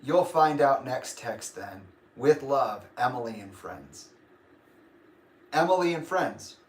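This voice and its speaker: A man's voice: medium pitch, animated, takes it slowly. A young man hosting a casual livestream, rambling and grumpy, laughing often. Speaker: livestream host. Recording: echoey room.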